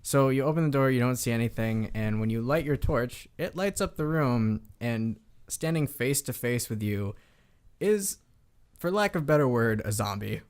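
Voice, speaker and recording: Guy running a tabletop game, chill narrator voice, middle pitch, chuckles a bit. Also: animated, normal speed, clear, resonant tone. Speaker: game master.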